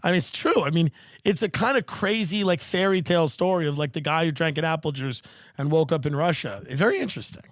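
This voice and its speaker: A man hosting a podcast from his room, joking in a rambling, deadpan way in casual chat. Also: on the high side, brisk, no echo, studio quality. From United States. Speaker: podcast host.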